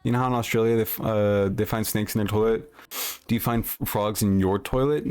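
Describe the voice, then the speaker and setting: Brisk and fairly low-pitched, this man's clear, resonant voice holds a steady, darkish tone. Chatting casually on a livestream and reacting to viewers, he tells a meandering, swear-filled story that keeps restarting.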